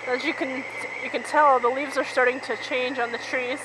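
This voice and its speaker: A middle-aged woman vlogs casually while out riding her motorcycle, rambling, chatty and laughing easily. Her voice sits high with a flat delivery at a normal speed. Loud road and wind noise fill the outdoor recording.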